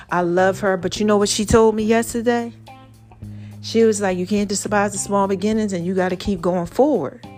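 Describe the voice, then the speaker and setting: A tired woman hosting a podcast from Brooklyn, giving an animated, preachy motivational talk in a slangy voice that speaks straight to the listener. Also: medium pitch. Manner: animated and preachy, with slangy direct address and sung snatches. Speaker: podcast host.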